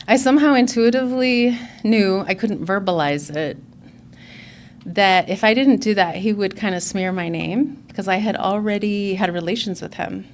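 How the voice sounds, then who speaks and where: A woman's voice: medium pitch, a little hiss or hum. A woman in her forties giving an earnest, candid personal testimony as a speaker at a recovery conference.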